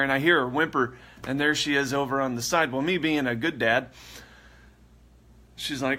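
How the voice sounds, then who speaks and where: Chatty bright-voiced man hosting a livestream. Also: mid-range voice, normal speed. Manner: chatty, rambling, laughs often. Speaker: livestream host. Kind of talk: casual livestream chat.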